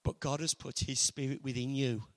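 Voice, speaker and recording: A man preaching a sermon earnestly, moving between loud emphasis and hushed, intimate passages. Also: medium pitch, fairly even intonation, moderate pace. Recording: long hall reverb.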